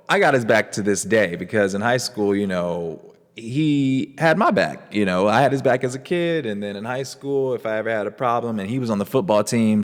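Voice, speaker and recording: A man's voice: fairly low pitch, in a large hall. Laid-back man telling a spooky tale. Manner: rambling, laid-back, lots of fillers. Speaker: podcast host. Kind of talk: casual storytelling.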